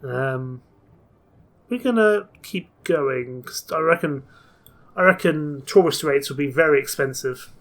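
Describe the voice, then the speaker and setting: A man's voice: a little high, a little slow, a bit bright. A man playing a story game, reading its text aloud and chatting about his choices. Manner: chatty, mixes reading with plans. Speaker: game player.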